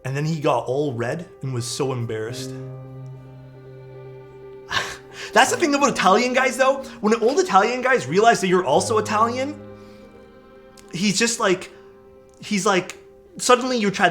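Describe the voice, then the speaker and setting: A man streaming live, chatting casually and telling a story in a loose, profane, animated way. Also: sits high, moderate pace, pauses often, faint music behind. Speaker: streamer building keyboards. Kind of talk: casual livestream chat and storytelling.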